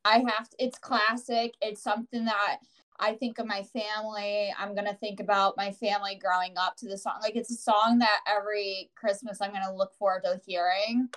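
A woman's voice: mid-range voice, flat delivery, moderate pace, a bit bright. An earnest woman guest reflects on her choice in a casual group debate. Her voice sounds set back a little from the microphone. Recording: voice a bit distant from the mic.

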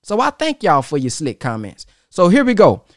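A man hosting a podcast, talking straight to his viewers in an animated, preacherly way. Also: a little high, moderate pace, no echo, clean studio sound. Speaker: podcast host. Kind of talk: casual monologue to viewers.

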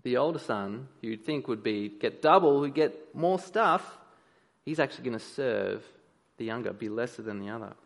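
A man preaches with lively energy, speaking directly to his listeners and often calling out to them. His voice sits at an ordinary middle pitch. It carries a long reverb from a large hall. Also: moderate pace, creaky. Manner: animated, addresses the crowd directly, acts out voices. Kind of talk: lively youth sermon. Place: church hall.

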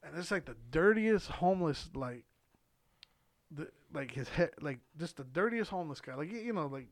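A man's voice: a little high, expressive, moderate pace. A young man telling a long story in a casual chat, rambling and swearing with lots of fillers and laughs. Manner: rambling, profane, filler-heavy, laughs often. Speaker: podcast co-host telling a story.

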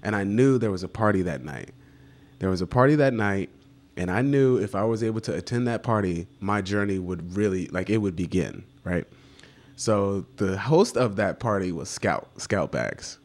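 A young man, a photographer, telling a story about his career in a relaxed, casual conversation. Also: fairly low pitch, normal speed. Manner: relaxed storytelling, acts out quotes. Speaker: guest photographer.

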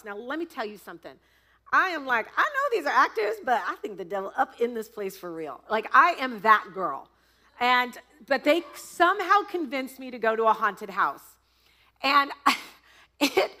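A woman pastor preaching a sermon, telling a story in an animated, laughing, dramatic way. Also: sits high. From United States.

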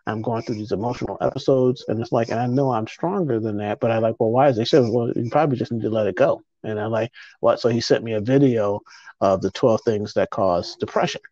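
A man's voice: on the low side, quick pace, a little mellow, no echo. Man with rambling, restarting talk. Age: middle-aged. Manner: rambling, emotional, frequent restarts. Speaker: podcast host. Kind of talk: casual conversation. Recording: dull lo-fi podcast audio.

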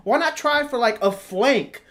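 Guy with a pretty high voice, swears constantly, tells stories loud and animated. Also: measured pace. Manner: profane, animated storytelling with acted quotes. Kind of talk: casual chat.

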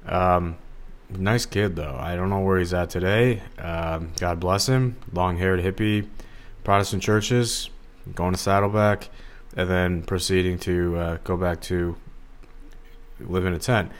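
A man's voice: deep voice, fairly even intonation, a little slow. A man hosting a solo podcast, talking in a rambling, digressive, casual way with lots of fillers. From Los Angeles area. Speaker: podcast host.

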